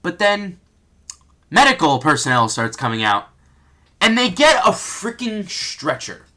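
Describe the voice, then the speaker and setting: Animated, bright-voiced man ranting. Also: high voice, measured pace. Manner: exasperated, ranting, rhetorical questions. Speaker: wrestling commentator vlogger. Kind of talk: unscripted rant.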